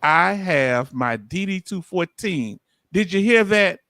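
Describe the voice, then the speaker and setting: A man with a Southern US accent hosting a casual livestream, reading viewer comments aloud in a lively, folksy way. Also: sits high, slow, no room sound. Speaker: livestream host.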